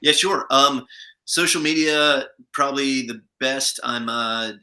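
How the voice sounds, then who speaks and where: A man's voice: mid-range voice, slow, pushed and bright, poor audio. A man, an actor guest in an interview, chatting through anecdotes from set with many restarts. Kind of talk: casual interview storytelling.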